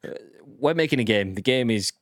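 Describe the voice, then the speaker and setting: A man's voice: medium pitch, expressive, fairly quick, no room sound, studio quality. A young man co-hosting a live stream, reading out chat and bantering in a rambling, playful way.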